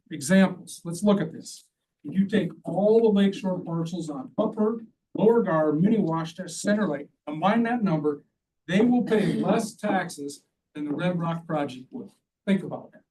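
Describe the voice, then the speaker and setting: A man's voice: high voice, warm tone. A man giving blunt, argumentative public testimony at a county hearing. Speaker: public commenter. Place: county meeting room. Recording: distant mic, faint room noise.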